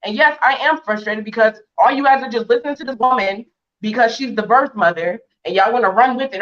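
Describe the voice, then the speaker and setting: A woman's voice: a little high, a bit bright. Fired-up woman on a muffled stream. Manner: defiant, indignant, rapid rhetorical questions. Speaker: interview guest. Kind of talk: heated livestream interview. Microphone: video call.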